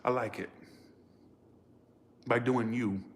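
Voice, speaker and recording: A man's voice: medium pitch, fairly even intonation, slow pace, a little hiss or hum. A man giving a casual tarot reading to viewers, blunt and profane, chatting straight at his audience. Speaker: tarot reader.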